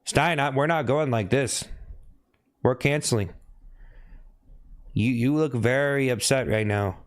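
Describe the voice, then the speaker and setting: A man live streaming who teases his chat with repeated needling questions and breaks into sudden high yelps. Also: a little slow. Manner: teasing, repetitive needling questions.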